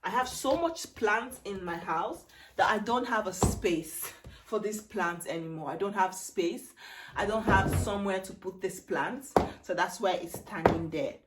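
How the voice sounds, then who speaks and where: A woman in her thirties chatting excitedly and rambling in a casual try-on haul vlog at home. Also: mid-range voice, unhurried, very noisy. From Netherlands. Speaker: beauty vlogger. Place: home room. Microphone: camera set down, handheld mic removed.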